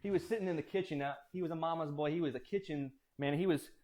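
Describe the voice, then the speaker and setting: A man casually retelling a Bible story, animated and digressive, with many fillers. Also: fairly high pitch, fast.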